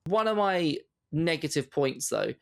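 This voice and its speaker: A man co-hosting a podcast, talking through a film in animated casual chat, full of fillers and laughs. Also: on the high side, measured pace, creaky. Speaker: podcast co-host.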